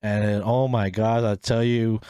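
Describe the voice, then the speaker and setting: A young man in his twenties hosting a solo podcast, telling stories in a casual, animated way and acting out the voices in his quotes. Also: fairly low pitch, measured pace, smooth, no room sound, clean studio sound. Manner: animated storyteller, acts out voices in quotes, laughs often. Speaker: podcast host.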